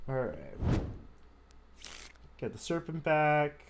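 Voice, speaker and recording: A man casually commentating a card game match, relaxed and chatty with lots of fillers. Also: on the high side, takes it slowly, gravelly, noisy background.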